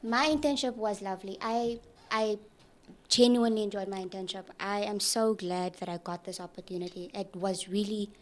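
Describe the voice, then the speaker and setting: A young South African woman, an intern who is leaving, chats casually in a studio, getting emotional and giggly as she rambles and restarts her sentences. Her voice is mid-range, with fairly even intonation and a moderate pace.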